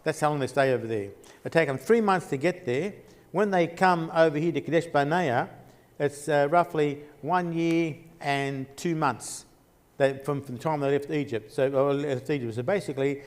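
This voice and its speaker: A man's voice: a little high, in a large hall. A man teaching a Bible geography class at a church, rambling with frequent restarts as he points at a map. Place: church hall.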